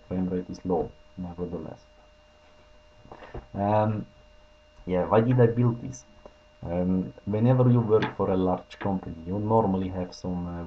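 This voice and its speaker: A man's voice: sits low, lo-fi sound, slight background noise. A man with a Russian accent casually demoing his prototype, hesitant and full of filler sounds. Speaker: inventor presenting a prototype. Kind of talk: casual product demo.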